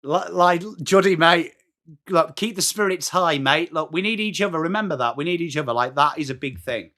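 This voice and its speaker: His voice is on the high side and sharp, delivered at a moderate pace. He's a middle-aged English livestream host with an English accent running a football watchalong, chatting with viewers by name, reading their messages and calling the action live.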